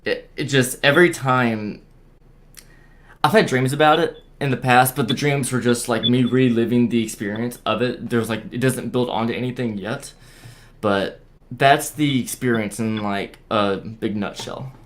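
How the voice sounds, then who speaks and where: A young man telling a ghost story in casual chat, halting and repeating words as he restarts his sentences. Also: mid-range voice. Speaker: guest sharing a paranormal experience. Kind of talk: casual storytelling on a video call.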